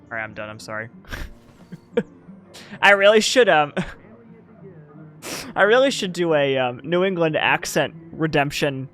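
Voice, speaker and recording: A man giving casual gameplay commentary as a streamer, excitable, swearing and riffing in mocking rants. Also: fairly high pitch, unhurried, pauses often, faint music behind.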